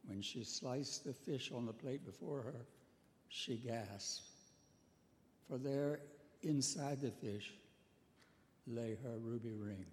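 A man telling a moral tale as a sermon, measured and solemn, with dramatic pauses, and acting out a captain's lines. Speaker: storyteller, preacher. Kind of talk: storytelling sermon. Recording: echoey hall with faint rumble.

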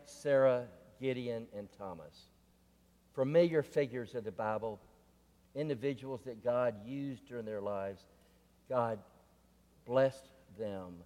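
A man preaching a sermon, telling stories and repeating questions in a deliberate way. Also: on the low side, darkish tone. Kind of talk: sermon with storytelling. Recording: long reverb of a large room.

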